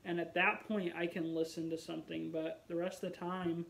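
A man's voice: a little high, flat delivery, a little fast, gravelly, fairly bright tone, low-quality recording. A man vlogging in a casual chat to the camera, rambling and musing aloud with wry, self-mocking humor.

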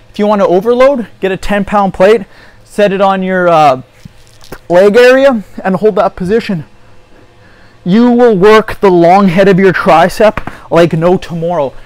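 A man's voice: high voice, dry recording. A man giving a casual home workout tutorial, chatty and encouraging, often saying "you guys", and slightly out of breath. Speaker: fitness vlogger.

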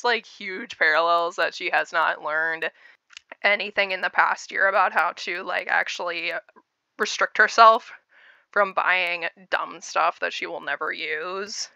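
A woman's voice: lowish voice, creaky, pushed and bright, clean tone, no echo. A woman giving casual, wry and blunt reaction commentary in a chatty way.

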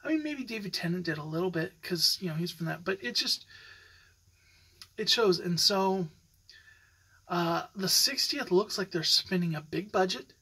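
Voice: mid-range voice, expressive, normal speed, pushed and bright, husky, low-quality recording. A podcast host talking in a casual, opinionated way, rambling with many fillers and restarts. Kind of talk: casual solo podcast commentary.

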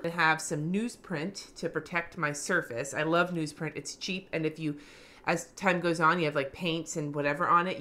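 A woman vlogger giving a casual, slangy craft tutorial, cussing freely, her voice going a little hoarse. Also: deep voice, fairly bright tone.

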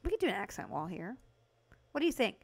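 A woman livestreaming a house renovation game, chatting casually with her viewers and breaking into excited bursts. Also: medium pitch, fast talker, creaky, breathy edge. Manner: chatty, talks to chat by name, excited bursts. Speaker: livestream host playing a video game. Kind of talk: casual live game commentary.

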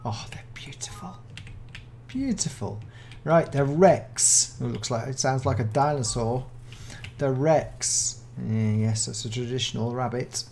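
British youtuber gushing over minecraft mobs, lots of oohs and gasps, kinda gravelly voice. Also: mid-range voice, steady tone, unhurried, a little mellow, slight background noise. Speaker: Minecraft mod showcaser. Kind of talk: casual gameplay commentary.

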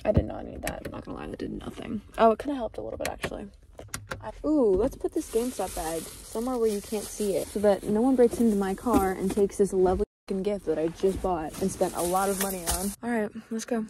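A woman's voice: medium pitch, animated, quick pace, warm tone. A young woman talks into her phone from the driver's seat in a mid-range voice. She rambles casually and apologizes a lot, with plenty of fillers. A faint hiss sits under the recording. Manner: rambling, self-deprecating, lots of fillers. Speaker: vlogger. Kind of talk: casual vlog chat. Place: parked car.

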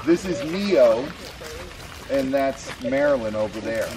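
Brief: male ranch guide, animated delivery, picked up from a distance outdoors with clear background noise. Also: medium pitch, takes it slowly, a crowd in the background. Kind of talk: casual explaining.

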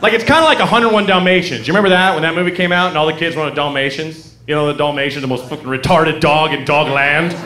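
A man from Oregon doing an animated, profane stand-up set on a club stage. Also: on the high side, fast talker, hardly any pauses. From Oregon, USA. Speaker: stand-up comedian. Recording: echoey club, loud crowd noise.

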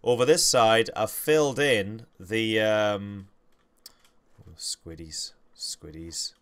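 A man's voice: on the low side, takes it slowly, fairly bright tone, clear, resonant tone. A young man, hosting a game livestream with rambling, self-correcting, jokey commentary. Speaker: gaming livestream host.

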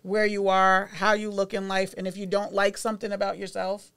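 Smooth-voiced woman hosting a podcast. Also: mid-range voice, fairly quick. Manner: relaxed, encouraging, laughs often. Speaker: podcast host. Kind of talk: casual interview chat.

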